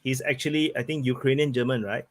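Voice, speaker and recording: A man's voice: mid-range voice, steady tone, quick pace. A man on an online panel, stammering as he eagerly explains something to the others. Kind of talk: casual group chat.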